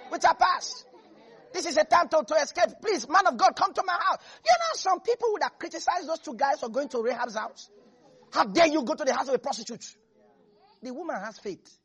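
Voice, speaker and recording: A preacher delivering a lively sermon to a congregation, laughing often and acting out Bible characters in different voices. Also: high voice. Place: church with a congregation.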